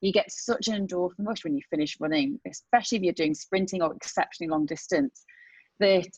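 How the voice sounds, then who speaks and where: A woman talking as a medical guest on a podcast, emphatic and animated as she explains. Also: fairly low pitch, brisk, husky, no echo. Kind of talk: casual podcast chat. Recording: dull dry podcast audio.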